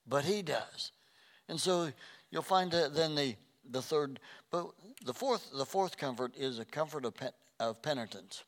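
A man's voice: on the high side, expressive, unhurried, a bit bright. Pastor, male, earnest sermon delivery, repeats himself, trips on archaic words. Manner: earnest, repeats phrases, stumbles over scripture words.

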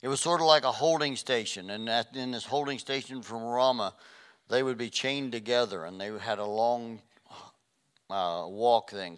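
A middle-aged man preaching a sermon, swinging between loud emphatic passages and soft, hushed ones. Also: on the low side, clean tone.

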